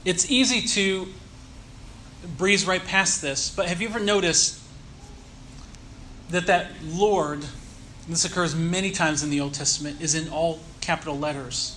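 A man preaching a sermon, teaching earnestly and leaning slowly on key words. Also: on the high side, fairly even intonation, a bit bright, slight background noise. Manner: earnest teaching tone with slow emphatic stresses. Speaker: pastor.

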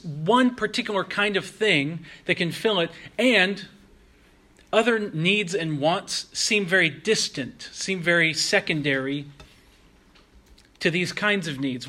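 A pastor preaches in a bright, forceful voice a touch on the high side, earnest and measured in pace. He slows right down with emphatic pauses to lean on the phrases he wants to stress.

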